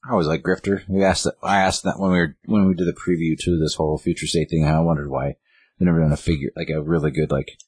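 Deep husky man, rambling retelling. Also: level tone, quick pace, darkish tone, no echo. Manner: rambling, acts out quotes with "he's like". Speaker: podcast co-host. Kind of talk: casual chat retelling a comic.

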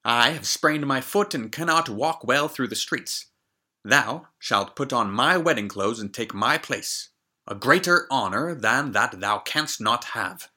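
A man's voice: medium pitch, expressive, unhurried, bright, forceful tone, exaggerated voice. A man voicing a wicked, haughty princess bride who gives orders in old-fashioned speech. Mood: coaxing. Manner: archaic commanding speech.

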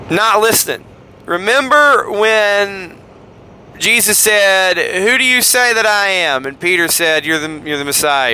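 A man's voice: fairly high pitch, pushed and bright, a little hiss or hum. A man with a Southern US accent hosting a podcast, casually retelling Bible passages and acting out the quoted lines in voices. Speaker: podcast host.

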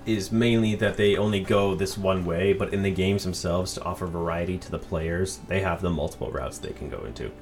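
Low-voiced laughing podcast host. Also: male voice, fairly quick, hardly any pauses. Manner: chatty, laughs often. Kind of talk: casual podcast chat.

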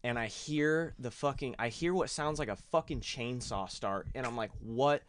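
A young man at an ordinary middle pitch spins a profane story, swearing freely and slipping into the voices of the people in it. He talks loosely and casually, as if among friends. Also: normal speed, slight background noise. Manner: profane, animated storyteller who acts out quotes. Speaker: podcast co-host.

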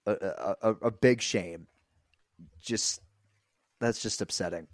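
A man's voice: lowish voice, takes it slowly, no room sound, clean studio sound. A young man co-hosting a casual sports podcast, rambling with lots of filler words. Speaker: podcast co-host.

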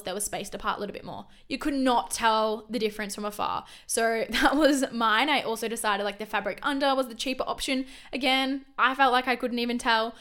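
Fast-talking young woman. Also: on the high side, fairly bright tone. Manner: chatty and fast, with frequent self-corrections and fillers. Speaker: podcast host. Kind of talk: casual solo podcast monologue.

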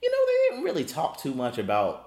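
A man as a podcast guest, chatting casually in a laid-back, drawn-out way. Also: fairly high pitch, wildly swooping pitch, vocal fry, darkish tone. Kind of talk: casual chat. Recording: echoey room.

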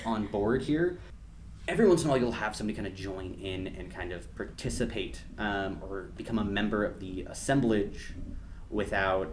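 A man's voice: lowish voice, a little hiss or hum. A man narrating as game master for a tabletop game, rambling with lots of fillers and laughing along with his players.

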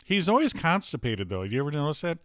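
A man's voice: a little high, big pitch swings, quick pace, fairly bright tone, no echo. Movie review guy, teasing, asks a lot of questions, dry mic. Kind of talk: casual chat.

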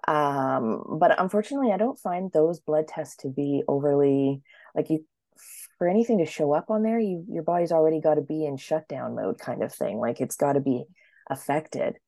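Low, mellow-voiced woman in her thirties. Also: moderate pace, no echo, clean studio sound. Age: 30s. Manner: chatty, acts out quotes with sudden high-pitched voices. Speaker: interview guest. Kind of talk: casual storytelling.

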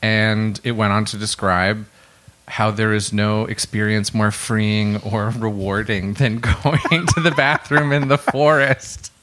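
A man's voice: fairly low pitch, fairly even intonation, slow pace, background noise. A male comedian guest telling a rambling, dry story in casual podcast chat.

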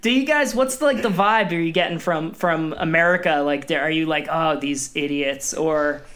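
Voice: medium pitch, normal speed, fairly bright tone. Teasing podcast host. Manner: teasing, asks questions. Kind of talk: casual chat.

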